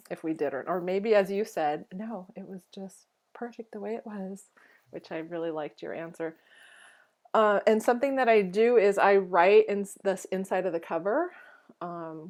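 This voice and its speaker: A woman's voice: mid-range voice, darkish tone. A woman co-hosting a podcast in casual chat, reflective and chatty, acting out her own inner thoughts as she talks. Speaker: podcast co-host.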